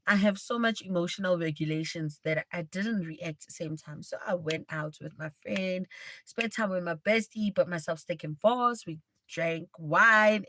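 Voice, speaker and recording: A woman livestream host tells a dramatic personal story in a chatty storytime, addressing her viewers directly. Her voice is fairly low with a sharp tone, and there's no echo.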